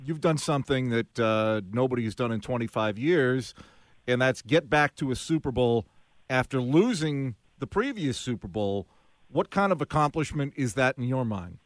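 A man's voice: medium pitch, animated, moderate pace, no room sound. A man hosting a radio show, asking plain and direct questions. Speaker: radio host. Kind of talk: interviewing a guest.

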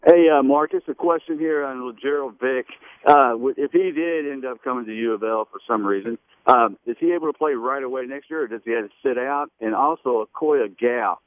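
A man's voice: mid-range voice, a little fast, no room sound. Male phone-in caller, mid voice, hesitant, tinny phone line, dry. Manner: hesitant, many fillers. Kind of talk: phone-in question.

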